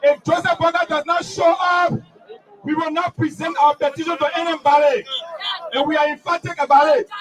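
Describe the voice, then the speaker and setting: Man, rally speaker, flat shouted delivery, outdoor crowd noise. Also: extremely high pitch, a little fast, music in the background. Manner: leads chants, rousing the crowd. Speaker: protest speaker. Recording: distant mic, loud crowd outdoors.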